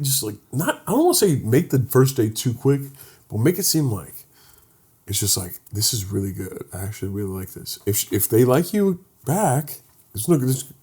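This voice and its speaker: Deadpan and joking, this young comedy podcast co-host spins mock-serious stories while chatting casually. He speaks at a medium pitch in a husky voice.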